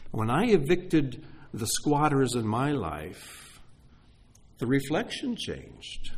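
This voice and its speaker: A middle-aged man preaching a sermon, emotional, swinging from hushed asides to exclaiming. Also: mid-range voice, wildly swooping pitch, takes it slowly, husky. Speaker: pastor.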